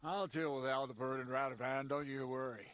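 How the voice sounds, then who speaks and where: An actor voicing a blunt, sarcastic commander in a video game. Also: male voice, medium pitch, steady tone, fairly quick, a bit bright, clean tone, lightly acted. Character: gruff, sarcastic male commander.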